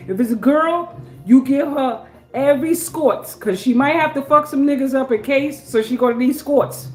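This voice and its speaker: A middle-aged woman hosting a casual livestream, talking straight to her viewers. She moves between quiet, murmured blessings and loud, laughing bursts of excitement. Faint music plays underneath her voice. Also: mid-range voice, normal speed. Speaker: livestream host. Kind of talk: casual live-stream chat.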